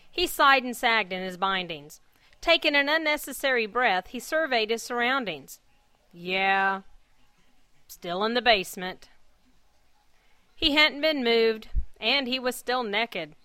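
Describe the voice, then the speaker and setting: A woman hosting a podcast, reading a story aloud in an earnest, measured way. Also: on the high side, pushed and bright, no echo. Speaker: podcast host and fanfic reader.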